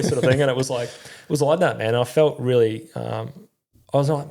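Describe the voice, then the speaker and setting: A man's voice: mid-range voice, moderate pace, gravelly, dark tone. A middle-aged Australian man telling his story in a candid, rambling way, swearing often and using slang. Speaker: podcast guest, former army crew commander.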